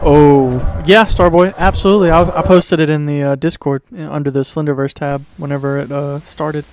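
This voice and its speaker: A man's voice: a little high, fairly even intonation, normal speed, a little mellow, soft background music, poor audio. A man with a Southern US accent chatting casually while reacting live to horror videos and reading their text aloud. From Mississippi. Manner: chatty, laughs often, reads on-screen text aloud.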